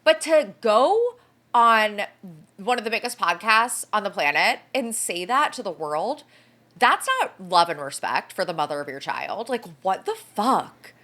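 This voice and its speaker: A woman co-hosting a casual pop-culture gossip podcast, animated and blunt, peppering her talk with "like" and the odd swear word. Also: medium pitch, measured pace. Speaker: podcast co-host.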